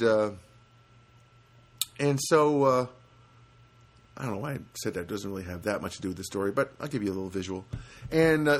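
Male storyteller, lively swooping voice, rambling comic monologue with voice impressions. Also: breathy edge. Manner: animated, jumps to high pitch for quoted voices and honk sounds; rambling with frequent restarts and asides. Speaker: comedic storyteller.

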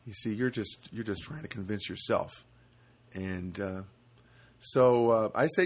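A man telling stories in a casual monologue, rambling and animated with many restarts. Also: lowish voice, measured pace.

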